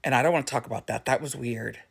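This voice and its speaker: A woman's voice: rumbling low, quick pace, vocal fry, breathy edge. A middle-aged woman casually telling a family story, laughing as she goes and slipping into quoted voices. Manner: animated, laughs while talking, breaks into quoted voices.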